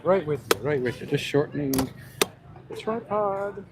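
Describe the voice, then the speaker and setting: In a very noisy outdoor setting, a man runs a confrontational street vlog, putting on a New York accent to fire leading questions at passersby and muttering asides to a camera on a tripod. His voice is on the high side with lively intonation and a measured pace.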